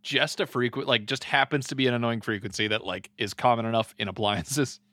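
A man's voice: medium pitch, steady tone, a bit bright, dry recording. A young man co-hosting a casual comedy podcast, laughing often and tossing out profane jokes. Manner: laughs often, swears, quick joking asides. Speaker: podcast co-host.

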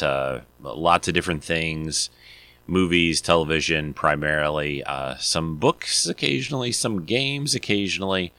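A man's voice: a bass voice, pushed and bright, smooth. A man hosting his podcast in a loose, rambling chat full of fillers and restarts. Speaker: podcast host. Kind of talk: casual solo podcast chat.

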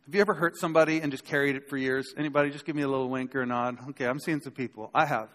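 A man's voice: mid-range voice, steady tone, very fast, a bit bright. A male pastor preaching a sermon to a live congregation, talking conversationally, with emphatic points and rhetorical questions. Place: church sanctuary before a live congregation. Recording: long hall reverb.

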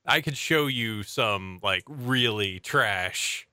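Young male host, enthusiastic, crisp bright tone, dry close sound. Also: fairly low pitch, lively intonation, slow, dry recording. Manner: enthusiastic, reads out facts. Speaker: podcast host. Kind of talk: casual chat.

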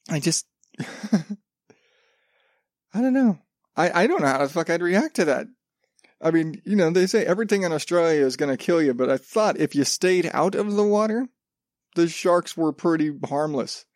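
Male podcast host, slightly high voice, rambling and cursing, dry close-miked sound. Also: no room sound. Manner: rambling, profane, self-interrupting. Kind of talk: casual solo podcast chat.

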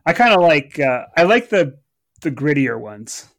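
A man with a fairly high voice talks casually on a sports podcast. He is opinionated, yet he hedges and restarts his sentences often. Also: sing-song, fairly bright tone, no echo, clean studio sound. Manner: opinionated, hedging, halting restarts. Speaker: podcast co-host. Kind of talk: casual chat.

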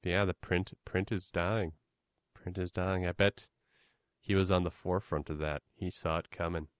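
Low-voiced man musing in casual chat. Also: little pitch movement, smooth, no echo, clean studio sound. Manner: musing, halting, often restarts words.

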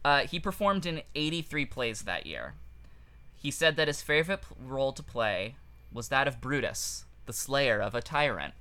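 A man co-hosting a comedy history podcast, his voice bright and clear at a middle pitch. He talks casually and jokes as he goes, slipping crude asides into the story. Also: big pitch swings, normal speed. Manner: jokey, loose, laughs at his own lines. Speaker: podcast co-host.

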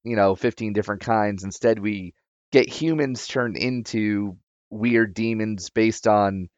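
Man, low voice, wry dismissive chat, muffled lo-fi audio. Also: measured pace, a little mellow, dry recording. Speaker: podcast co-host. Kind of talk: casual film discussion. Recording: dull lo-fi dry sound.

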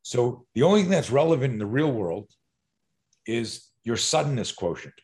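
A middle-aged man, a self-defense instructor, talking as a podcast guest in an animated, profane way, acting out fight scenarios. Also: medium pitch, normal speed.

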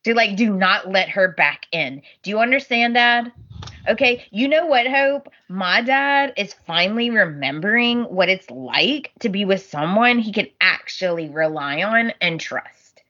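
Woman podcast co-host, casual chat, bright voice, lo-fi audio, animated. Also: medium pitch, unhurried. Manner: animated, laughs often, acts out characters' lines. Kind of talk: casual chat recapping a soap opera. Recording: dull lo-fi audio.

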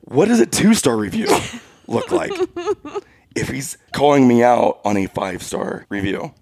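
A man's voice: mid-range voice, sing-song, measured pace, gravelly, a little mellow, no room sound. A man in his thirties co-hosting a podcast, telling funny stories in a self-deprecating way and laughing often. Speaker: podcast co-host. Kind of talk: casual chat, storytelling.

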